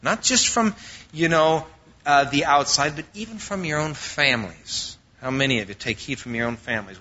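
A man's voice: on the high side, moderate pace, sharp tone, dull audio. A man preaching a sermon as pastor, quoting scripture and explaining it with frequent fillers and restarts.

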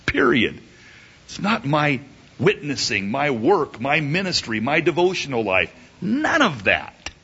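A man preaching a sermon emphatically, asking rhetorical questions and swinging his pitch up and down. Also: sing-song, unhurried, sharp tone, slightly rough. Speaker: pastor. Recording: dull lo-fi recording.

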